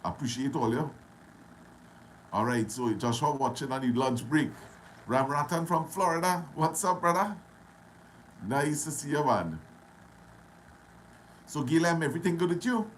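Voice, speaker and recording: A man with a Trinidadian accent hosting a casual live stream, greeting viewers one by one and talking loudly. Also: a little high, expressive, normal speed, long pauses, slight background noise, low-quality recording. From Trinidad and Tobago. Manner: greets viewers by name, loud and friendly. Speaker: livestream host.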